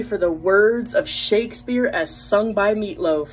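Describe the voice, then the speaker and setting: A woman telling a comic story about her marriage in a wry, deadpan, exasperated way. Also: medium pitch, a little slow, hardly any pauses, slight background noise.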